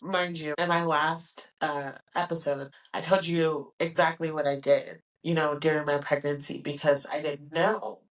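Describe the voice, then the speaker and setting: A young woman in her twenties hosting a podcast, telling a personal story in a candid, animated way and acting out the dialogue. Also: low-pitched, distant mic, low-quality recording. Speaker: podcast host.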